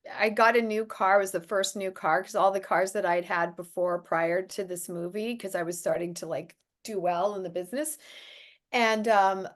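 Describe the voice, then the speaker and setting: A middle-aged actress telling stories in a casual interview, laughing often and acting out the people she quotes. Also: mid-range voice. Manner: animated, laughs often, acts out quoted voices. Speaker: actress guest.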